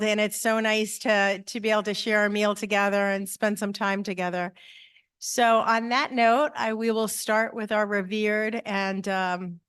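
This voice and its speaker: A woman's voice: mid-range voice, a bit bright, clean tone. A woman opening an annual congregation meeting with chatty, enthusiastic welcoming remarks. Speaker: meeting presenter.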